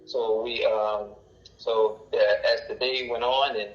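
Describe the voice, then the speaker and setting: A man's voice: medium pitch, level tone, reverberant, soft background music. Man rambling on a muffled line. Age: around 40. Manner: rambling, halting with many fillers and restarts. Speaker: caller. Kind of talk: casual storytelling.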